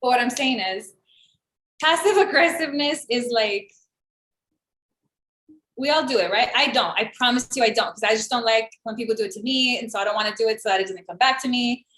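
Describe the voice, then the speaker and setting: Podcast co-host, woman in her 30s, high-ish voice, sarcastic storyteller, roomy echo. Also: brisk. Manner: animated storytelling, acts out quoted voices, sarcastic. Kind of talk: casual chat. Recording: echoey room.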